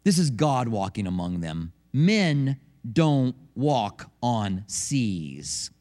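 A man's voice: mid-range voice, sing-song, drawn-out words, a little mellow. A middle-aged man, a pastor, giving a sermon in a church service in a conversational, storytelling way with acted quotes.

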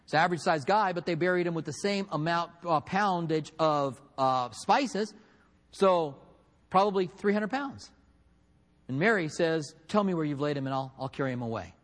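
A man preaching a sermon, telling a story with acted-out quotes and swinging between loud and hushed delivery. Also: a little high, lively intonation, normal speed, long reverb tail. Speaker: pastor.

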